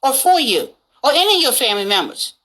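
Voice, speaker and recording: A woman hosting a livestream, talking forcefully to her viewers and checking in with "okay?" as she makes her points. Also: sits high, big pitch swings, quick pace, rough recording. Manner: forceful, addresses viewers directly, repeats "okay?". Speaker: livestream host. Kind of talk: casual livestream commentary.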